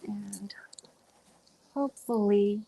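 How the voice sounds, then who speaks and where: A woman's voice: medium pitch, takes it slowly, gravelly, mellow, slight background noise, poor audio. A woman hosting a casual live stream from home, chatting loosely and tripping over her words, talking into earbuds. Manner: rambling, stumbling over words.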